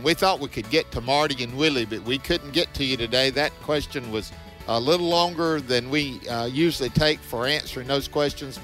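A man hosting a Bible radio show, giving gentle, encouraging pastoral advice. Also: mid-range voice.

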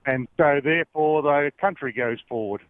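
A male caller with an Australian accent, a truck driver, explaining things in a relaxed way over the phone. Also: fairly high pitch, moderate pace, dry recording. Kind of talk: phone-in call. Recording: tinny phone line.

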